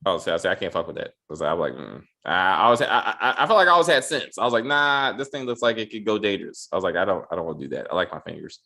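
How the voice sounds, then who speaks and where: A man's voice: deep voice, expressive, very fast, gravelly, few pauses, bright, forceful tone. A man co-hosting a casual chat, swearing freely and often repeating his words as he goes. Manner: loose and profane, stammers and repeats words. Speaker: podcast co-host.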